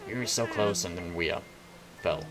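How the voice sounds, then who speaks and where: A man's voice: low-pitched, normal speed, crowd noise, lightly acted. A man reading the lines of an anxious but determined young woman climber in a game, in his own earnest voice.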